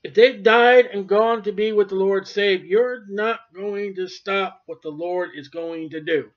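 A high-pitched man preaches a sermon, hammering points loudly and then dropping to near-murmurs. The recording is dull and lo-fi, with the top end rolled off. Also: measured pace. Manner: emphatic, swings between loud and quiet.

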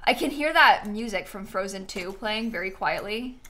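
A woman's voice: mid-range voice, lively intonation, moderate pace, pushed and bright, a little hiss or hum. A young woman streaming a video game live, chatting casually and reading quest text aloud. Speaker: gaming streamer.

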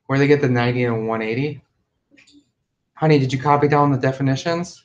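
A male math teacher speaking loudly through a mask, firm and drilling his class. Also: medium pitch, a little fast, pauses often, far from the mic, lo-fi sound. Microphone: masked, mic at a distance. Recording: echoey classroom.

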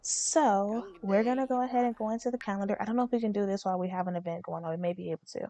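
A woman's voice: medium pitch, rapid-fire, dark tone, dry recording. A young woman hosting a let's play, narrating her game in a chatty, slangy way. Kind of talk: casual game commentary.

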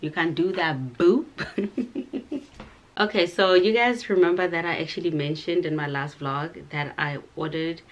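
Woman, South African accent, young adult, low voice, dramatic, sassy vlog chat. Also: unhurried, dull audio. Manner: sassy, dramatic, full of "child" and "honey". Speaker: vlogger.

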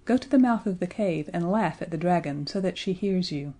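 A woman's voice: fairly low pitch, lively intonation, brisk, mellow. A woman voicing a sly, gleeful cockatrice in a children's audiobook, taunting and cackling.

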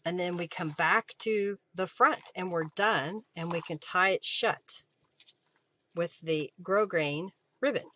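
A woman's voice: on the low side, slow pace, pushed and bright. A woman hosting a live craft session, chatting casually and reading viewer comments aloud with frequent laughs. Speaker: craft livestream host.

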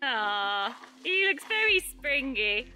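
A woman event rider chatting casually in an outdoor arena, relaxed and quick to laugh and tease. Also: high-pitched, low-quality recording. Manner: relaxed, laughs easily, teasing. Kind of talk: casual chat.

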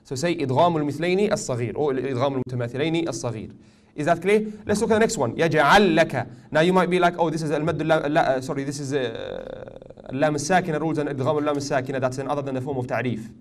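A man teaching a tajweed class, questioning his students often and joking gently. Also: a little high, very fast, few pauses. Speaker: Quran recitation teacher.

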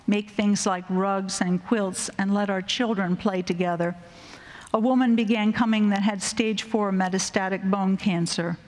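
A middle-aged woman professor giving a personal faith testimony at a chapel gathering, speaking in a measured, earnest way. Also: medium pitch. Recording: long reverb of a large hall.

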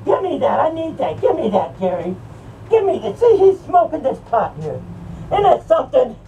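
A woman improvises a rant as a sneering male horror character, taunting and mocking with sudden shouts and cackles. Her voice is high-pitched with big pitch swings, and she speaks at a normal speed. The mic is distant and picks up faint noise.

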